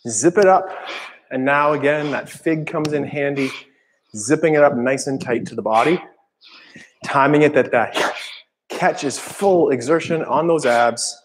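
A man's voice: a little high, measured pace, low-quality recording. A man co-leading a live kettlebell class, explaining technique between sets. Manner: explanatory coaching commentary. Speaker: co-instructor. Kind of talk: live workout class coaching.

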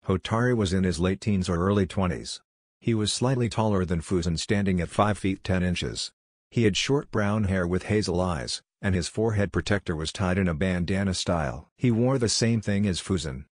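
A man narrating a fan fiction story in a steady, even reading voice. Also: low voice, normal speed, no echo, studio quality.

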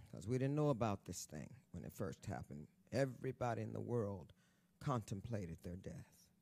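A woman in her sixties, a guest author telling stories on stage at a live event, brassy, bawdy and loud, laughing often and talking straight to the audience. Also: very deep voice, animated, normal speed, gravelly. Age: 60s. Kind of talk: storytelling on stage.

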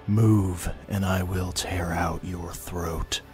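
A man voicing an unseen clawed intruder who whispers slow, soft threats. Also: low-pitched, fairly even intonation, faint music behind. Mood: menacing.

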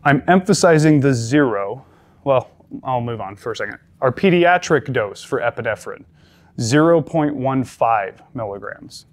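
Man lecturing a class conversationally. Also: medium pitch. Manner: conversational, repeats key points with emphasis. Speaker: paramedic instructor.

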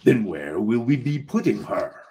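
A man voicing a gruff pirate who has gone soft, growling "ar" in a low, hushed pirate drawl. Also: sing-song, measured pace. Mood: fretful.

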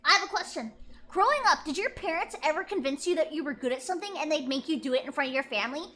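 A young woman streamer chatting casually, excitable and loud with drawn-out exclamations. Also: high-pitched, a little hiss or hum. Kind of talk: casual chat.

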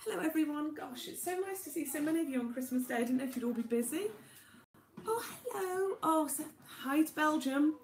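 A young woman from Wales chatting quickly on a live stream from her home kitchen, greeting viewers by name while she cooks, recorded on a tablet. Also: high voice, animated, reverberant, slight background noise. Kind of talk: casual live-stream chat. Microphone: tablet camera.

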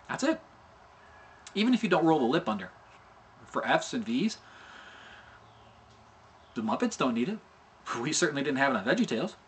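Man, middle-aged, animation instructor, casual tutorial, animated pitch, keeps saying okay. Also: brisk, pauses often, slight background noise. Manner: chatty, repeats "okay?" often, demonstrates mouth sounds.

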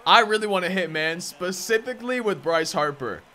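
A young man hosts a gaming channel with excited, chatty gameplay commentary. His voice sits high and sounds bright and forward. He often repeats his words and breaks into loud exclamations. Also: normal speed. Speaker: gaming YouTuber.

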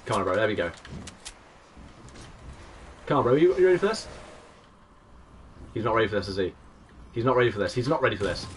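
A young man, giving excitable play-by-play commentary on his live game stream and greeting chat viewers. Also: lowish voice, fairly quick, long pauses, far from the mic, a little hiss or hum. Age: 20s.

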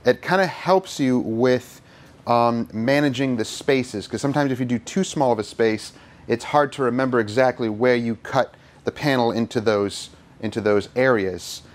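A man's voice: medium pitch, moderate pace. Easygoing man explaining car detailing. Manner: relaxed, plain-spoken, easygoing teasing. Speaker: car detailer and channel host. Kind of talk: hands-on instructional commentary.

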